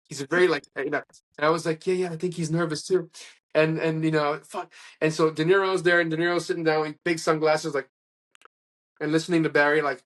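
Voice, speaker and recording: A man's voice: a little high, fast. Talkative man telling a long story. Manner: rambling, animated anecdotes with restarts and acted-out quotes. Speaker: interview guest. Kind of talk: casual conversational storytelling.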